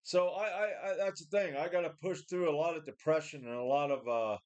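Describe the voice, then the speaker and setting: A man in his forties rambles casually to his webcam from a home gym, blunt and profane. He sounds weary, often sighing and restarting, in a slightly mellow voice on the high side, talking a little fast.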